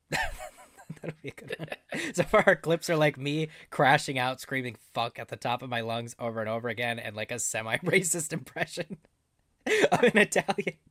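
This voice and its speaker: Animated male podcast co-host, dry sound. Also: medium pitch, fairly quick, no room sound. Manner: animated, laughs often. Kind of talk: casual chat.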